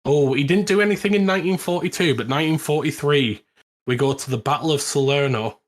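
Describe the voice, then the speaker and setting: A British man co-hosting a podcast, telling a history story in casual, animated chat with frequent laughs. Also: on the high side, quick pace. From Britain. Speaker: podcast co-host.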